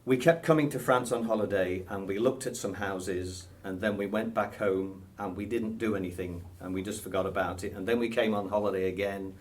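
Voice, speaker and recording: A man from Britain, in his sixties and with a British accent, gives hesitant, chuckling, um-filled answers in a casual interview. He has a lowish voice with fairly even intonation, speaking fairly quickly with few pauses.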